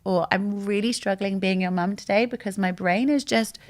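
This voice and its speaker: In a casual chat, a female guest in her thirties tells stories with animation, speaking openly and candidly. Her voice sits in the mid-range and moves at a normal speed.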